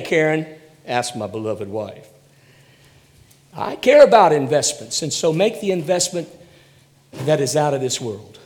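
A man's voice: fairly high pitch, sing-song, normal speed. Preaching man in a reverberant church. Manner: dramatic swings from loud to hushed. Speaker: pastor. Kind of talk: sermon. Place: church sanctuary. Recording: long hall reverb.

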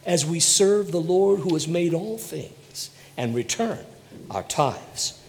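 A male pastor preaching a sermon, swinging between loud bursts and hushed near-whispers. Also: a little high, animated, slow pace, creaky, slight background noise. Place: church sanctuary. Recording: long hall reverb.

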